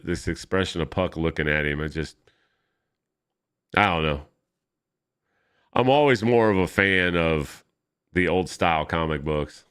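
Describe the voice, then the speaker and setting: Low, unhurried male vlogger, casual comic-book commentary, nitpicky and self-correcting, clear voice. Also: a bit bright. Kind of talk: casual commentary while flipping through comics.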